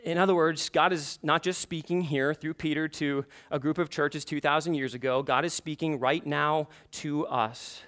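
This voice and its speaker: A man's voice: on the high side, fairly even intonation, moderate pace, hardly any pauses, fairly bright tone. A male pastor preaching a sermon in a church, earnest and repeating his questions for emphasis.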